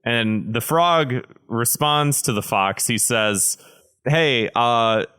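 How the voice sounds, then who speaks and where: A man hosting a comedy podcast, telling a deadpan story in casual, profane chat. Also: medium pitch, slow, smooth. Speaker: podcast host.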